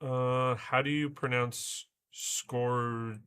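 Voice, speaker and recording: A man's voice: medium pitch, steady tone, slow pace, fairly bright tone, clear, resonant tone. A man hosting a casual livestream, muttering to himself and swearing as he works. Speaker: livestream host. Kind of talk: casual livestream chat while building.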